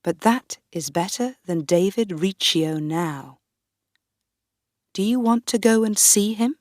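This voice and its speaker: A woman's voice: mid-range voice, animated, slow, no room sound, clean studio sound. A woman doing a sneering, spiteful young husband. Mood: mocking. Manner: sneering, quiet.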